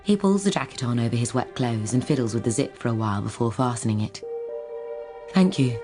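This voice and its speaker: A woman audiobook narrator reading a novel in a steady, wry storytelling manner, with a music soundtrack behind her. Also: extremely low pitch, quick pace. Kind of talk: scripted narration.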